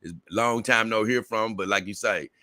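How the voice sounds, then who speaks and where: Answering viewer comments on a laid-back livestream, a host with a Southern drawl rambles easily, repeats himself and laughs a lot. His low voice comes across bright and forward at normal speed, recorded close and dry with no echo.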